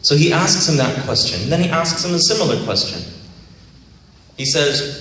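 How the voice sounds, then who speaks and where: A man giving a religious convention talk, retelling a story in a conversational, animated way. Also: fairly high pitch, normal speed. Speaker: religious speaker. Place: large convention hall. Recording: very echoey hall, distant mic, faint noise.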